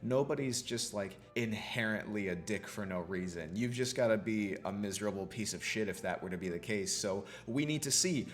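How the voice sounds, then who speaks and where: A man, a film student, reviewing a TV show in a casual, profane rant full of fillers. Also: fairly low pitch. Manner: profane, ranting, many fillers like "you know".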